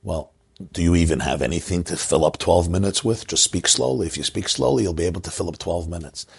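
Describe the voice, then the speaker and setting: A man doing a calm, deadpan conference organizer. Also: low voice, fast, creaky, breathy edge, pitched below the performer's own voice, full character voice. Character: calm male conference organizer, dry and firm.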